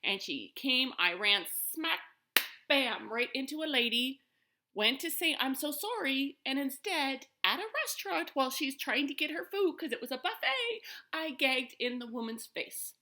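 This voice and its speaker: A woman tells a personal story to her camera in a loose, chatty way. Her voice is bright and forward, and she rambles, circles back and fills the gaps with ums. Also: high voice, lively intonation, moderate pace. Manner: chatty, rambling with many fillers and restarts. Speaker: vlogger telling a personal story. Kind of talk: casual storytelling.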